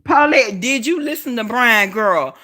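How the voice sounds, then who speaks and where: A woman with a Southern US accent on a casual livestream, talking loudly and profanely, hollering and calling her viewers y'all. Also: on the high side, animated, measured pace. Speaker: vlogger.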